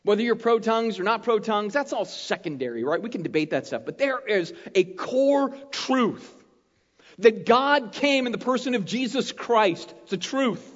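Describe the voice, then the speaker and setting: A man preaching a sermon as pastor, talking in an animated, conversational way and checking in with his listeners often. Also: high voice, moderate pace. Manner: conversational, animated preaching with frequent "right?" tags. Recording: muffled, long hall reverb.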